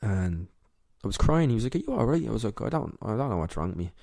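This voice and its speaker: Deep-voiced young Irish man, candid. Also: lively intonation, warm tone, no echo, studio quality. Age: young adult. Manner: candid, emotional, halting. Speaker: podcast guest. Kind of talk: personal storytelling in interview.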